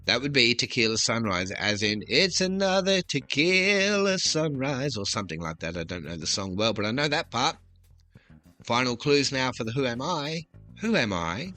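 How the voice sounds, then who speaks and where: Australian man with a bright, forceful voice. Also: medium pitch. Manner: chatty and upbeat, reading questions aloud. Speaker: trivia podcast host. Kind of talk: scripted quiz podcast hosting.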